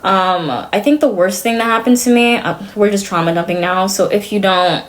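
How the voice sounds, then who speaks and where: A woman's voice: mid-range voice, normal speed. A young adult woman streamer chatting casually to her viewers, blunt and sarcastic, swearing freely.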